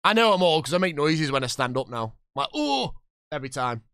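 A man in his thirties playing a football management game, chatting with viewers and reacting loudly to the match. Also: mid-range voice, animated, quick pace, clean tone, dry recording, clean studio sound. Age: 30s. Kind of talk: live gameplay commentary and chat.

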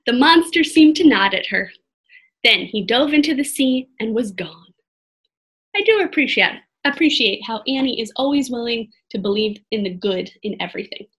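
A woman reading a children's chapter book aloud expressively, pausing to talk to her listeners. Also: a little high, husky. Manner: expressive, pauses to comment to listeners. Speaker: storybook reader.

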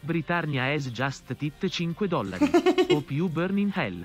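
A man's voice reading out donation alerts, flat and synthetic, with quiet music behind. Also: on the high side, normal speed. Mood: announcing. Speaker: donation alert text-to-speech voice.

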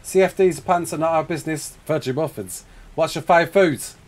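A man's voice: a little high, normal speed. A British man chatting casually on a live stream, answering viewer questions, laughing often and calling people mate. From United Kingdom.

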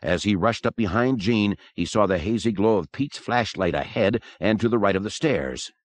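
A man narrating a horror audiobook in an expressive, dramatic manner. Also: fairly low pitch, normal speed, dry recording. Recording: dry close recording.

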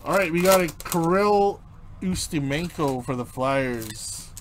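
A man's voice: a little high, lively intonation, takes it slowly, a little hiss or hum. A man hosting a live card break. He reads out player names as he opens the packs and chats casually with viewers. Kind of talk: live card-opening commentary.

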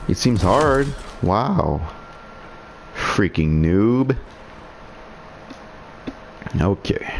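Low, slow-talking gamer man. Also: slight background noise. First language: French. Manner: sarcastic, swearing, frustrated muttering. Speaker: gaming streamer. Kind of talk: live gameplay commentary.

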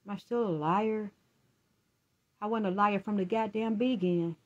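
A woman's voice: medium pitch, moderate pace, darkish tone, highs cut off. A woman in a rambling personal rant, profane and accusatory, talking to absent people in long run-on streams. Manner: addresses absent people directly.

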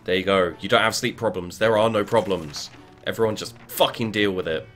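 A man commentating a game as he plays, swearing often and bursting into yells and chanted words. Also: lowish voice, brisk, faint music behind. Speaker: gaming video creator. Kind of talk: let's play commentary.

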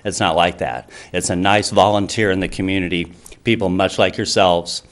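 A man's voice: low voice, fairly even intonation, brisk. A man who founded a charity, speaking earnestly to a town council with many fillers and restarts. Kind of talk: public comment speech.

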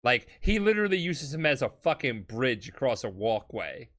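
A man's voice: mid-range voice, big pitch swings, moderate pace, fairly bright tone. A drunk man hosting a podcast who rambles and swears through a comedic retelling, laughing often. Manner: rambling, profane, laughing, acts out characters. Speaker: podcast host.

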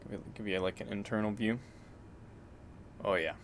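A man's voice: lowish voice, normal speed, slight background noise. A man streaming a video game live, joking, swearing freely and chatting with his viewers. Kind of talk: live gameplay stream commentary.

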